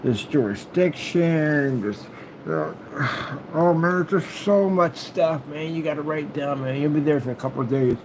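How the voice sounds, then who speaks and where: A man's voice: a little high, a little slow, noisy background. A man delivering a rambling, taunting monologue at a rival, repeating stock phrases and humming to himself as he works through paperwork indoors. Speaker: YouTuber addressing a rival.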